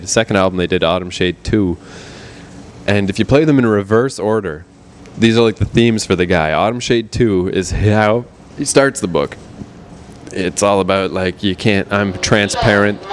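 A man's voice: fairly low pitch, slight background noise. A man who works as a projectionist hosts a show and rants casually, swearing constantly. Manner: swears constantly, irritated ranting. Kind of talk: casual profane rant.

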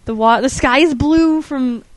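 A young woman with a slightly high voice chats bluntly and giggles through her stories. The sound is dry and close, with no room around her. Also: animated, fast talker, dry recording. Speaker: podcast co-host. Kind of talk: casual chat.

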